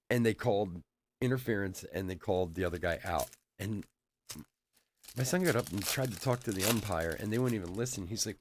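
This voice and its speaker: A middle-aged man hosting a live card break, chatting casually and telling stories with frequent laughs while calling out cards. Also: on the low side. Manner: chatty storyteller, laughs often, calls out cards. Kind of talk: casual live-stream chat while opening card packs.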